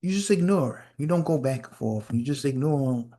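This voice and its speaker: A male podcast host telling a story in a casual, animated rant, repeating phrases and acting out quotes. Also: mid-range voice, normal speed. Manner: animated storytelling with lots of repetition and acted-out quotes.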